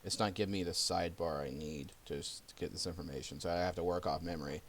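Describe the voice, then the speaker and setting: A man running a tabletop game as game master, talking haltingly with many fillers. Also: low-pitched, steady tone, a little hiss or hum.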